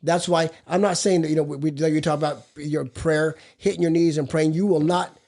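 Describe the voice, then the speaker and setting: A man's voice: a little high, fairly even intonation, a little fast, gravelly, a little mellow. A middle-aged man co-hosting a recovery podcast, telling stories in a blunt, profane, casual way. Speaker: podcast co-host. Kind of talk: casual recovery group chat.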